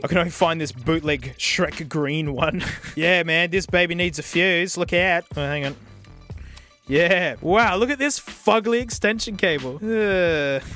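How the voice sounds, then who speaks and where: A young man giving a casual, comedic product review, excitable and mock-outraged, laughing often. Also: high voice. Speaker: tech YouTuber. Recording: faint music behind.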